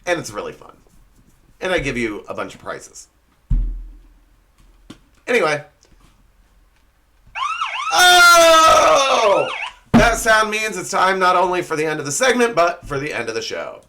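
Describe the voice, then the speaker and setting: A man's voice: on the high side, wildly swooping pitch, moderate pace, long pauses, sharp tone, slight background noise. A young man hosting a comedy show, delivering a sarcastic scripted roast monologue and laughing at his own slips.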